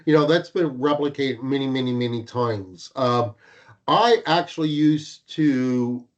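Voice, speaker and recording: A man's voice: mid-range voice, a little slow, highs cut off. A man who teaches co-hosts a podcast in casual chat, blunt and teasing, speaking just after dental work.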